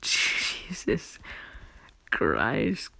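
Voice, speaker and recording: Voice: mid-range voice, huge pitch swings, very slow, creaky, no echo. A young adult telling a rambling, profane story. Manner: rambling, profane, laughs often, swings from hushed to loud. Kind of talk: casual storytelling.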